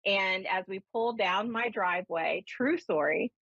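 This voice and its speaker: A woman medium talks in a chatty, storytelling way on a live call-in show. Her voice sits at a middle pitch. The sound is dry and close, but dull and lo-fi like an old broadcast. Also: a little slow, dry recording. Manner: chatty storyteller, animated when quoting herself. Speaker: spiritualist minister and medium.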